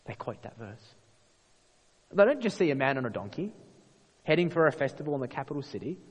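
A man preaching a sermon, expressive and full of rhetorical questions. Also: mid-range voice, fairly quick, husky. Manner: expressive, rhetorical questions, acts out quoted voices. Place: church. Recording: long reverb of a church hall.

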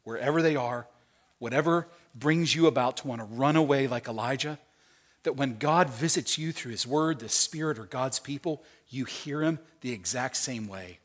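A middle-aged pastor preaches a sermon in a mid-range voice at a moderate pace. He acts out quoted voices and swings between hushed, tender lines and loud, emphatic ones.

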